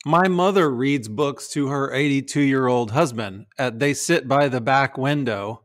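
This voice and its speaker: A man's voice: medium pitch, a little slow, no echo, studio quality. A middle-aged man hosting a podcast, chatting in an easygoing way about his family. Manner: easygoing, storytelling. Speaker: podcast host. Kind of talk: casual chat.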